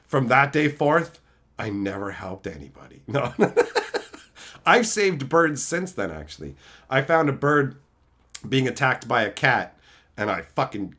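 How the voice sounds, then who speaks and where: A man streaming, answering his chat and telling stories in a loud, profane, laugh-filled way. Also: mid-range voice, a little slow, pauses often. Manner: animated, profane storytelling with frequent laughter. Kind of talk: casual livestream chat.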